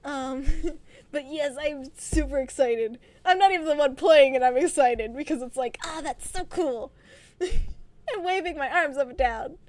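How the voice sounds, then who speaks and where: A woman's voice: high voice, measured pace, darkish tone, dry recording. A woman from the American South chatting casually on a live stream, giggly and rambling, with frequent laughs. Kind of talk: casual chat.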